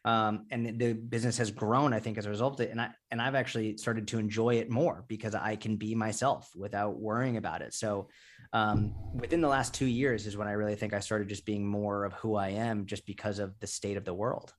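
A man's voice: lowish voice, fairly even intonation, a little fast. Candid, swearing man. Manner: candid, swears freely, rambling. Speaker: fitness content creator, guest. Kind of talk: casual interview talk.

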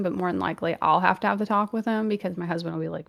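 A woman's voice: on the low side, very fast, vocal fry. Laughing woman with a Louisiana accent. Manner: laughs often, animated when passionate. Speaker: streamer and guest. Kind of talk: casual chat. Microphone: desk mic with earbuds, video call.

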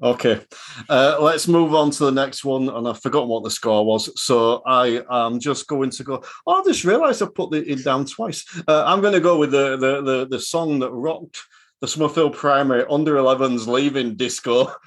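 A man hosting a casual podcast chat, jokey and quick to swear. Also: mid-range voice, animated. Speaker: podcast host.

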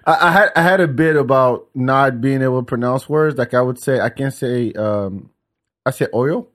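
A man's voice: medium pitch, normal speed, fairly bright tone. A man hosting a casual podcast, stumbling over words and laughing at himself a lot. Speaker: podcast host. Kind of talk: casual joking chat.

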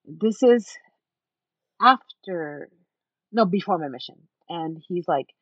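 A woman with a somewhat low voice tells her own story as an interview guest, emphatic and animated, slipping into the voices of the people she quotes. The sound is dull and lo-fi, with a dry, close feel and no room echo. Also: slow pace, slightly rough. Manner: emphatic, animated, acts out other people's words.

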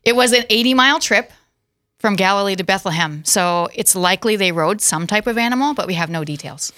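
A woman from South Dakota hosting a casual studio chat and running a quiz, upbeat and quick to laugh. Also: medium pitch, lively intonation, pushed and bright, no echo. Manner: giggly, upbeat, talks through laughs. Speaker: host.

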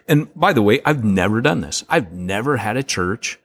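Animated low-voiced man hosting a podcast. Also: normal speed, hardly any pauses. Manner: animated storyteller, acts out quotes, laughs often; rambling, many restarts and fillers. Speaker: podcast co-host. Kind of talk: casual podcast chat.

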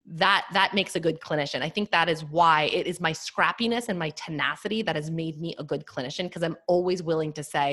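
A woman's voice: lowish voice, a little fast, fairly bright tone. A woman in her thirties hosting a solo podcast, speaking candidly and with animation, using lots of fillers. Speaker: podcast host and nutrition practitioner.

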